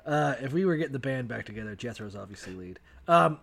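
A man's voice: mid-range voice, lively intonation, fast talker, creaky, a bit bright. A man co-hosting a podcast, chatting casually and profanely, laughing often and slipping into mock voices. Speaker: podcast co-host. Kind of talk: casual comedic chat.

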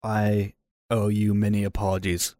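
A man with a low voice plays his character at a tabletop game. He argues and pleads with rising exasperation and curses, in a dry, close sound. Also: monotone, moderate pace, mellow, dry recording. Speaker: player. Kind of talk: in-character tabletop role-play.

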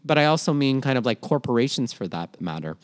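A man co-hosting a podcast, talking things through in a relaxed, thoughtful way. His pitch sits in the middle range. He leans on filler hedges as he works out his point. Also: fast. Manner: reflective, hedging with "kind of" and "like". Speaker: podcast co-host. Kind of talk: casual discussion.

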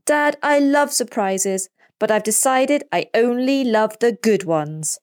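A woman voicing an eager, impatient young boy in a children's story, speaking in high, breathless squeals. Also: lively intonation, slow, a little mellow, dry recording, studio quality. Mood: disappointed.

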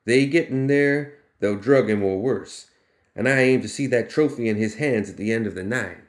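A man's voice: medium pitch, moderate pace, close to an everyday voice. Man doing a snappish folksy little boss. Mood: scheming. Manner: folksy backwoods slang, snappish. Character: scheming little sharp-toothed male boss gambler.

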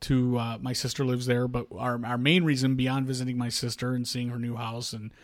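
A man's voice: mid-range voice, brisk. A man in his forties, a podcast co-host, chatting casually and telling stories with acted-out dialogue. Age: 40s. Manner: animated storytelling, acts out quoted dialogue. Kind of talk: casual chat.

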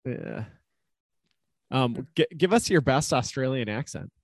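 A man's voice: mid-range voice, expressive, a little slow, no echo. Laid-back Minnesotan man, dry close sound. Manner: laid-back, chuckling often. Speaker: podcast co-host, actuary. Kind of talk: casual chat. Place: home.

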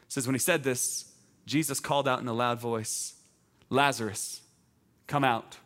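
A male teaching pastor preaching a sermon in a conversational, emphatic way that climbs to loud proclamations. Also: mid-range voice, steady tone, normal speed.

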